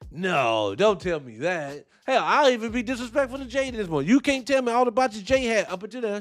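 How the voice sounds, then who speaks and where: High-pitched guy ranting on his podcast, swears a lot, swings up and down, some faint music behind. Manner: animated, blunt, profane, talks back to chat. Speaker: wrestling podcast host. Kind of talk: casual opinion commentary.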